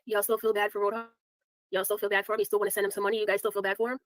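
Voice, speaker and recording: A woman's voice: medium pitch, flat delivery, racing, no room sound, low-quality recording. A woman ranting sarcastically at her viewers on a live stream, scolding and calling them out.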